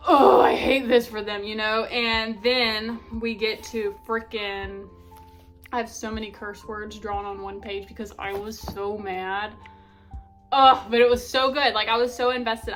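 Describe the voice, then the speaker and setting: Young woman, casual book vlog, gushing, slightly high voice, faint background music. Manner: gushing, animated, many fillers like "like". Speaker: book vlogger. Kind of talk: casual book review chat.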